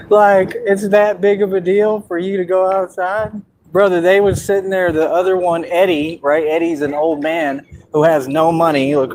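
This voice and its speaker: Male streamer, slightly high voice, animated ranting, faint hiss in the background. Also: poor audio. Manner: animated, talks to an absent rival. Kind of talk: casual livestream rant. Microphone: streaming mic.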